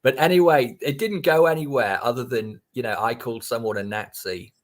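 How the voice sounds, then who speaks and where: A man's voice: mid-range voice, a little fast. A man as a podcast guest, telling a story in casual chat, rambling with many restarts and frequent swearing.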